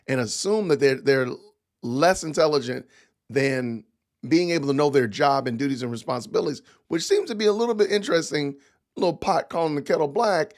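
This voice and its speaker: A man's voice: on the high side, darkish tone. Man chatting casually to his livestream chat. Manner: rambling, talks to chat directly. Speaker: podcast host reacting to news clips.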